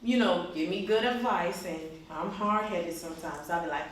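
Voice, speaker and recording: A woman's voice: on the low side, normal speed. A woman casually telling a grateful story to a group, acting out quoted voices and often asking "you understand?". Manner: repeats "you understand?" to her listeners. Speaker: grateful friend giving a testimonial. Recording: echoey room, voice from a distance, faint noise.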